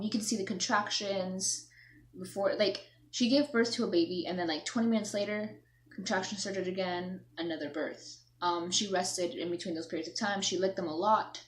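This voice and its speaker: A woman's voice: mid-range voice, slight background noise. A young woman vlogging, telling a story in a rambling, self-mocking way, acting out herself and her mom. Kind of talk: casual storytelling to camera.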